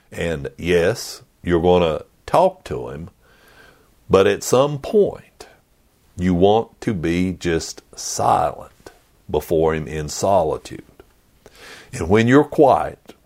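Man, pastor preaching, lowish voice, unhurried, earnest, repeats phrases. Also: darkish tone. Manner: earnest, repetitive, deliberate pauses. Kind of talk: sermon.

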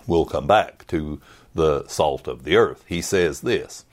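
A middle-aged man preaching a sermon as a pastor, animated and dropping now and then to a whisper. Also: rumbling low, takes it slowly.

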